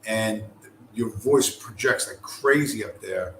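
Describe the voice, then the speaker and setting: A man's voice: on the low side, slow, fairly bright tone, roomy sound, slight background noise. A man vlogging to camera in a loose, rambling way, swearing often and full of fillers and restarts. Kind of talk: casual travel chat to camera. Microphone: camera mic.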